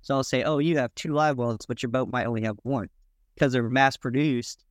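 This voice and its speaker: A man as a podcast guest, explaining his work in a relaxed, plainspoken way. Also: medium pitch, a little fast, no echo. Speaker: guest, boat builder. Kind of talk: casual podcast chat.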